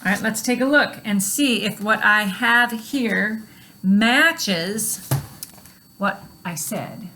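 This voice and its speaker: A woman teaching a recorded grammar lesson in a steady, explanatory way, with frequent fillers. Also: medium pitch.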